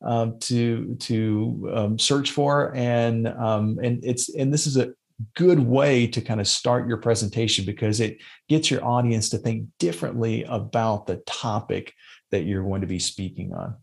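A man's voice: medium pitch, a little slow, creaky. A man hosting a podcast, giving casual how-to advice with frequent fillers and restarts. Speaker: podcast host. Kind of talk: casual instructional podcast talk.

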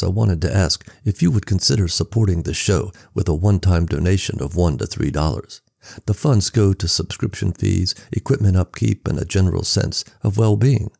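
Brief: steady male narrator for a serial novel, warm lower voice. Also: vocal fry, slightly rough, no echo, studio quality. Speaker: audiobook narrator and podcast host. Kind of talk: scripted narration.

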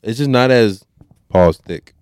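A man's voice: mid-range voice, animated, unhurried, a little mellow, clean tone, no echo. A man co-hosting a podcast, in casual chat and loose, joking, slangy banter. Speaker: podcast co-host.

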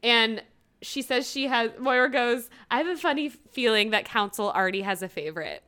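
A woman's voice: fairly high pitch, moderate pace, pushed and bright, clear, resonant tone. A woman co-hosting a casual chat, retelling TV scenes with quoted lines and frequent laughter. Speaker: podcast co-host recapping a TV episode.

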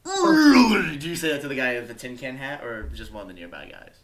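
A man's voice: mid-range voice, very animated, fairly quick, a bit bright. Male game master, casual narration with fillers and the odd curse. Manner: casual, swearing, filler-heavy.

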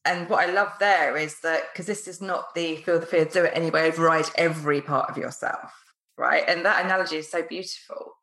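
A woman hosting a podcast conversation, chatty and quick to laugh, with lots of filler words. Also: low voice, steady tone, fairly bright tone. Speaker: podcast host. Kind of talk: casual conversation. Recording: roomy echo.

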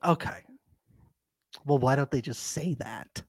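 A man co-hosting a podcast in casual chat, animated and jokey, laughing often. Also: mid-range voice, unhurried, husky, no room sound, clean studio sound. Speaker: podcast co-host.

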